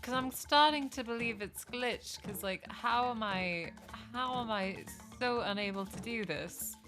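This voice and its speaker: A woman's voice: a little high, measured pace, over music. A young woman streaming a game live, rambling in casual, self-mocking chat with her viewers as she plays.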